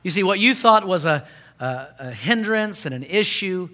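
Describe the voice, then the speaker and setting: A male pastor preaching with a bright, forceful tone and a voice that sits a little high. He tells stories with animated bursts, then drops into slow, hushed emphasis. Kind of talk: sermon.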